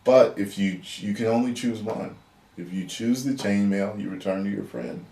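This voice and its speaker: Soft calm mentor guy, a man retelling his lines, hushed, kind of roomy. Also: lowish voice, moderate pace, creaky, distant mic. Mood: gentle, hushed. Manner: hushed and quiet. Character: calm gentle male mentor, softly explaining a choice.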